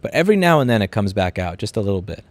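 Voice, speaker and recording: A rapid-fire man in his thirties with a New York accent, chatting on a livestream. His voice sits low and he keeps tripping over his own words, repeating them and restarting as he answers viewers. He talks bluntly and swears freely. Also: big pitch swings, no echo. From Queens, New York City. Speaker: livestream host. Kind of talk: casual livestream chat, reading viewer comments.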